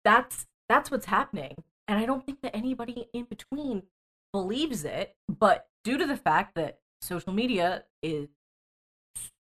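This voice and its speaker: A woman in casual political chat, reasoning through her points in a measured way. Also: medium pitch, animated, fairly bright tone. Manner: measured, reasoning aloud, laughs lightly.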